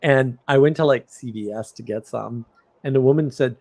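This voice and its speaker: A middle-aged man running a livestream chats casually, spinning rambling tales with animated delivery and laughing in bursts. His pitch is medium and his speed normal.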